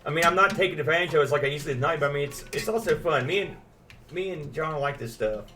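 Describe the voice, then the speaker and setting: A man's voice: fairly high pitch, very fast, bright, forceful tone, distant mic, faint music behind. A man co-hosting a live stream, chatting casually and enthusiastically with frequent restarts. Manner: rambling, enthusiastic, many restarts. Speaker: podcast co-host. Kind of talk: casual chat.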